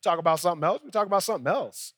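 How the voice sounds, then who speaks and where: A young male pastor tells a story from the pulpit in a loose, chatty preaching style, playing out both voices of each exchange. His voice sits high and sounds bright and forceful. The sound is close and dry, with no room echo. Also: expressive, very fast. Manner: conversational storytelling preacher, acts out dialogue. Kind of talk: sermon.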